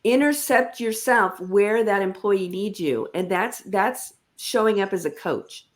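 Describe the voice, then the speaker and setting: A woman's voice: mid-range voice, unhurried. Emphatic woman giving leadership advice. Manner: emphatic, coaching, animated asides. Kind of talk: conversational interview about leadership.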